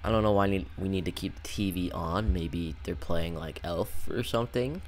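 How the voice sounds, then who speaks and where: A young man giving rambling, profane, jokey commentary while playing a horror game, breaking into sudden shouts. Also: low voice, moderate pace, soft background music. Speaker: gaming YouTuber. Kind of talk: casual let's-play commentary.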